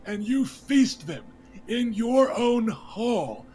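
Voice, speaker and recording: A man's voice: very high-pitched, lively intonation, drawn-out words, darkish tone, slight background noise, voice pushed up, exaggerated voice. A man voicing a young, nervous noble lord who pleads for justice, his voice close to breaking. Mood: indignant.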